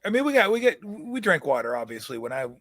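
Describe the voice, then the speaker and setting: A middle-aged man hosting a casual backyard chat, relaxed and reflective, who laughs easily. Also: high voice, quick pace, crowd noise. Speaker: host. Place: backyard outdoors.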